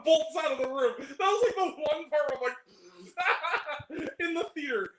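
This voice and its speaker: Guy hosting a movie chat, lively swooping voice, echoey room. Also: unhurried. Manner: animated, laughing, acts out quoted lines in high voices. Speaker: channel host. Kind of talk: casual chat about movies.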